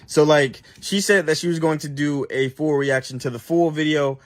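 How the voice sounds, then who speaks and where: A man's voice: a little high, fairly even intonation, moderate pace. Earnest man explaining himself to camera. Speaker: video creator. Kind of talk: talking to camera in a played clip.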